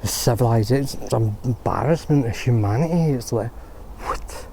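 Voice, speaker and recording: A man's voice: mid-range voice, moderate pace, creaky, noisy background. A man vlogging in a graveyard, ranting in outrage and swearing. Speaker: paranormal vlogger. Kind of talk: outdoor vlog monologue. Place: graveyard outdoors.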